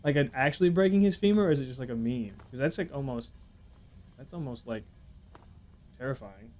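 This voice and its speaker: A man's voice: medium pitch, expressive, brisk, a little mellow. A young man streaming a game, chatting casually, joking and swearing while he rambles and reacts to chat. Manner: rambling, profane, reads chat aloud and jokes. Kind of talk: casual live gameplay commentary.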